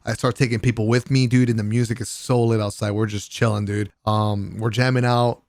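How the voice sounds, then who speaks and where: A man's voice: on the low side, a little fast, few pauses, no echo, clean studio sound. Man telling a rowdy vlog story. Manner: excitable, profane, laughing, slangy. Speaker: gaming content creator.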